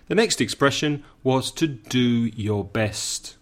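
Slow, deliberate male English teacher. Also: medium pitch. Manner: slow, deliberate, repeats phrases for learners; adds brief Spanish glosses. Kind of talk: language lesson.

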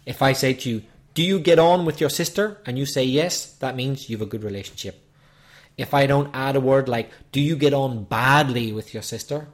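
A man's voice: medium pitch, normal speed. A man co-hosting an English lesson podcast, patiently explaining meanings step by step. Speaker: co-host teaching English.

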